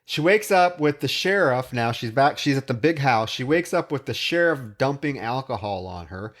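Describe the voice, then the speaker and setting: A man's voice: mid-range voice, expressive, a bit bright. A man co-hosting a podcast, casually retelling film scenes. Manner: retells scenes with quick voiced quotes. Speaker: podcast co-host.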